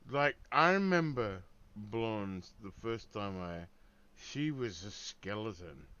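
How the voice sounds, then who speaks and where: A man's voice: fairly low pitch, animated, slow pace, pushed and bright, smooth, dull audio. A man streaming a game, telling a meandering story in laid-back, swearing casual chat full of fillers. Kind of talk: rambling casual chat while gaming.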